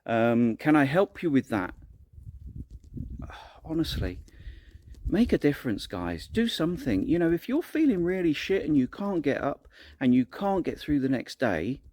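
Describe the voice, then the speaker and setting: A man's voice: fairly high pitch, very animated, moderate pace, mellow. A man, telling a personal story in a casual vlog monologue, earnest and rambling, with many restarts. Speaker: vlogger.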